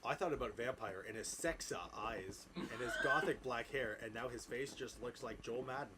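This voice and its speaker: A man doing a comedic deadpan reading of fanfiction aloud, with laughing asides. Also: mid-range voice, normal speed. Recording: noisy background ambience.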